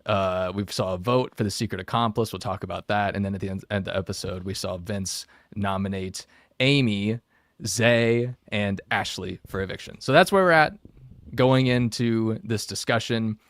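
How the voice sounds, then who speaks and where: A man's voice: fairly low pitch, fairly bright tone, clean tone, dry recording, clean studio sound. A man hosting a casual podcast discussion, recapping a reality show in a chatty way with frequent fillers. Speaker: podcast host.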